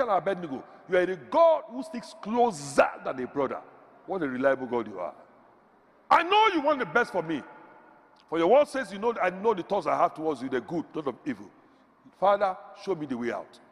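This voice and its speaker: Animated husky male preacher. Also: long reverb tail. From Africa. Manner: preaching with sudden shouts and swings in pitch. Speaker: pastor. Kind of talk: sermon.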